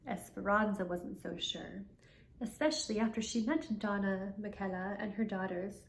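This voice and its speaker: An older woman, the show's host, reading a picture book aloud in a gentle, chatty way. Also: medium pitch, normal speed, vocal fry, reverberant, slight background noise. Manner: gentle, chatty explanations, careful with foreign phrases. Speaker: storyteller.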